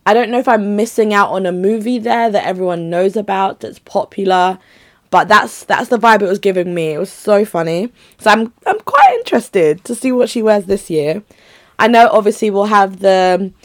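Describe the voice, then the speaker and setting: A young woman, chatting casually and rambling to her viewers, often breaking off mid-sentence. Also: mid-range voice. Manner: chatty, rambling, self-interrupting. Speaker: vlogger.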